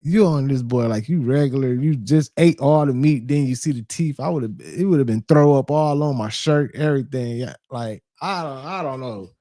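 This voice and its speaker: A man's voice: medium pitch, normal speed, hardly any pauses, dark tone, no room sound, clean studio sound. A man hosting a reaction video, talking loosely and profanely in slang, disbelieving what he watches. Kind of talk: casual reaction commentary.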